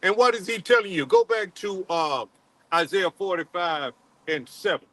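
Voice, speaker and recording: A man preaching a sermon in a halting, repetitive way, full of fillers, and calling on another man to read scripture aloud. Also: high-pitched, animated, fairly bright tone, no echo, low-quality recording. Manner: halting, repeats words, many fillers, calls on a reader. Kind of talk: street-style sermon with scripture reading.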